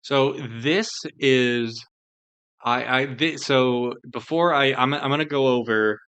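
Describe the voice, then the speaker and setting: A man's voice: mid-range voice, takes it slowly, fairly bright tone, smooth, highs cut off. A man co-hosting a casual podcast discussion, rambling and filling his talk with "like" and "you know". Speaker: podcast co-host.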